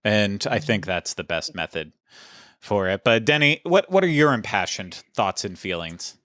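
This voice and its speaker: Wry man with a lively, animated voice. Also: fairly low pitch, normal speed, no room sound, clean studio sound. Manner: opinionated, wry. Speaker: podcast co-host. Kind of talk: casual podcast chat.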